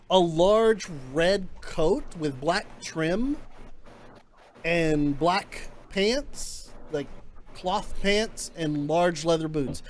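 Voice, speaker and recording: A man narrating a tabletop game as game master, with a rambling, halting delivery. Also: a little high.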